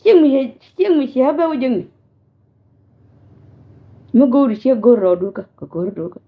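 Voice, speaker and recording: A woman from South Sudan delivers a scolding warning straight to camera, switching between languages as she lectures. Her voice sits fairly high, and the sound is tinny and narrow, like a phone line. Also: sing-song, a little slow. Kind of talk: direct-to-camera rant.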